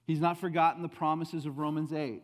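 A man's voice: steady tone, brisk. Man preaching in a reverberant hall. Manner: swings from loud emphatic rises to soft low asides. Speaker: pastor. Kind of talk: sermon. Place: church sanctuary.

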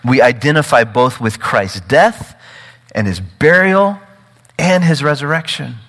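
A man preaching a sermon with emphatic, animated delivery, often repeating words and building to urgent peaks. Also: mid-range voice, unhurried, in a large hall, rough recording. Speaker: pastor.

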